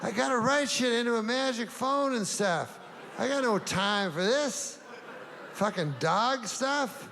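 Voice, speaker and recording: Deadpan middle-aged man rambling on stage. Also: extremely high pitch. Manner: deadpan, rambling, halting restarts. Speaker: stand-up comedian. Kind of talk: stand-up routine. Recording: live hall with crowd noise.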